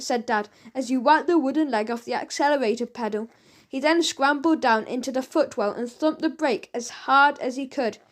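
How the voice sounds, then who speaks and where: High, lively woman reading aloud. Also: moderate pace. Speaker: audiobook narrator. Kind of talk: children's audiobook reading.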